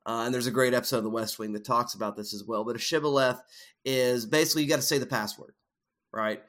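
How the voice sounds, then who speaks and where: Man, film podcast co-host, thoughtful explainer, lots of uhs, mid-pitched. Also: fairly bright tone. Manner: thoughtful, explanatory, many fillers. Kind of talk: casual film discussion.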